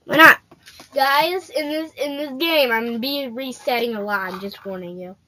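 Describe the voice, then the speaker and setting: A woman's voice: sits high, normal speed, fairly bright tone. A female gaming host giving casual, playful commentary straight to her viewers while she plays.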